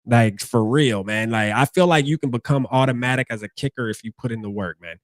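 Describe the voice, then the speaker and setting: A man hosting a casual sports talk livestream, hyped and slangy, with loud bursts of enthusiasm. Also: mid-range voice, fairly quick, dry recording. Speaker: livestream host.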